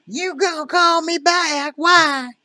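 A woman playing a slow, sweet-talking old lady. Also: extremely high pitch, pushed and bright, dry recording, exaggerated voice. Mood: flirty teasing. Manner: drawling, calls him sweetheart and honey. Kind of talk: prank phone call role-play.

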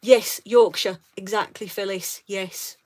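A woman's voice: mid-range voice, fairly even intonation, slow pace, darkish tone. A middle-aged woman from London with a southern English accent, chatting casually and rambling as she hosts a live craft stream, laughing often. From south of England, London. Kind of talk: casual chat while crafting.

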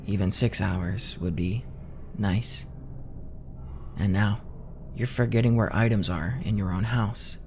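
A man giving scripted second-person horror narration in a measured, tense way. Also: fairly low pitch, darkish tone, a little hiss or hum.

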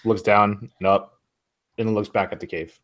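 A man playing in a tabletop game, describing his actions calmly. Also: on the low side, moderate pace. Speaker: player. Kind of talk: casual chat at a game table.

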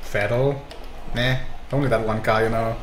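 A man's voice: mid-range voice, steady tone, moderate pace, echoey room, a little hiss or hum. A man giving casual, sarcastic commentary while streaming a sim racing game, swearing and mocking himself.

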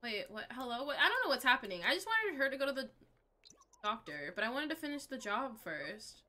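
Bright, excitable young woman streamer. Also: high-pitched, fairly quick, a little hiss or hum. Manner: chatty, excitable, reacts aloud. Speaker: game streamer. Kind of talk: live-stream gameplay chat with viewers.

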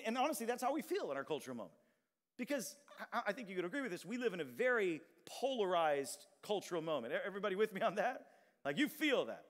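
A man preaching to a congregation with a high, bright-edged voice, swinging between loud, drawn-out proclamations and quieter explanation. His words ring through a large church hall with a long reverb tail. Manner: animated preaching, shouts and drawn-out emphatic lines, audience call-and-response. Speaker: pastor. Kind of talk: sermon.

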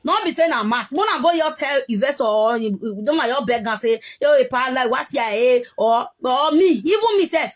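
Nigerian woman, high voice, heated live-video rant. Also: lively intonation, normal speed, few pauses. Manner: heated, scolding, mixing pidgin and local language.

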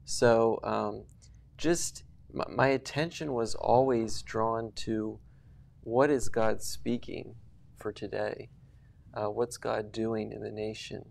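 A man answers questions as an interview guest in a low, flat voice with a gravelly edge. He speaks hesitantly, with many pauses and small fillers. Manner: soft-spoken, hesitant.

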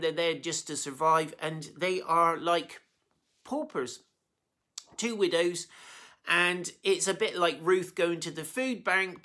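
Preacher retelling a story. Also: medium pitch. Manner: conversational and lively, with many fillers and restarts, acting out quotes. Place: church meeting room.

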